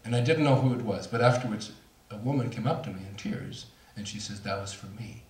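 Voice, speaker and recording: A man's voice: mid-range voice, fairly quick, a little mellow. A middle-aged man speaking to an audience, telling a personal story in a candid, self-mocking way with laughs. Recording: roomy hall, voice from far off.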